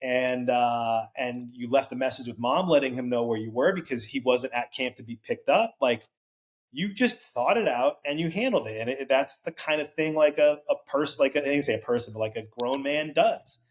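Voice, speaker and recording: A man's voice: mid-range voice, normal speed. A man in his forties, a podcast guest telling a long personal story in a casual, rambling way, full of "like" fillers and acted-out quoted voices.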